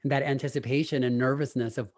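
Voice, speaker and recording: A male co-host chats in an easygoing, reflective way. His voice sits at a middling pitch and flows at an unhurried pace. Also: fairly even intonation, darkish tone. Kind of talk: casual chat.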